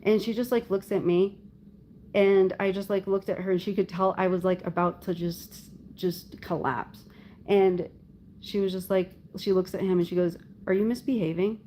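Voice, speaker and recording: A woman's voice: mid-range voice, little pitch movement, normal speed, warm tone, slight background noise. A young adult woman hosting a casual live chat, telling a long personal story in a loose, rambling way full of "like" fillers. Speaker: livestream host talking with viewers.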